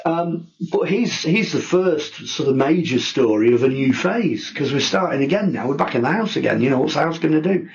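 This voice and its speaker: Middle-aged man telling a ghost story. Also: moderate pace. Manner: animated, acts out quoted people in a higher voice. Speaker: guest storyteller. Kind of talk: casual storytelling interview. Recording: dull lo-fi recording.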